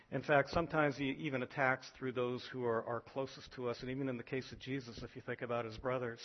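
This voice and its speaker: A man preaching a sermon as pastor, animated, acting out voices from scripture. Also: dull audio. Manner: animated, acts out biblical voices with rising pitch.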